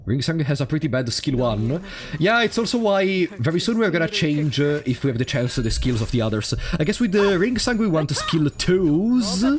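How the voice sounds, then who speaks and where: A man's voice: on the high side, animated, moderate pace, hardly any pauses. A man with an Italian accent, a native Italian speaker, streaming a game in casual commentary, wry and sarcastic and laughing often. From Italy. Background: faint game music.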